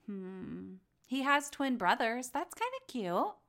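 A woman's voice: a little high, very animated, takes it slowly, gravelly, fairly bright tone. A young woman hosting a podcast, gossiping about reality TV in a chatty, exasperated way with lots of "like". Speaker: podcast host. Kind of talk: casual reality TV recap.

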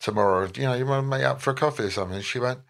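A man, an interview guest telling rambling, animated anecdotes full of quoted voices. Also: medium pitch, rapid-fire, gravelly. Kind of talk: anecdotal storytelling.

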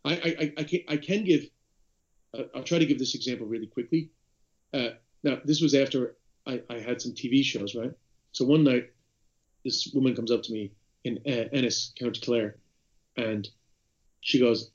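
A man's voice: medium pitch, normal speed, pauses often, muffled recording. An Irish man co-hosting a casual podcast chat over a video call, telling stories animatedly with many restarts. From Ireland. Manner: animated storyteller, frequent restarts. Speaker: podcast co-host.

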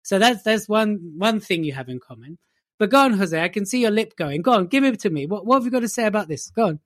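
A man's voice: high-pitched, animated, fast, no echo, studio quality. A man co-hosting a podcast, teasing and laughing often. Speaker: podcast co-host. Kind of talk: casual chat.

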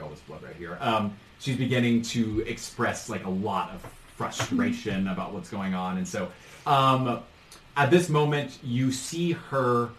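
A man narrating as game master in a tabletop role-playing session, loose and full of fillers. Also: lowish voice. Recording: echoey room, mic far off, faint noise.

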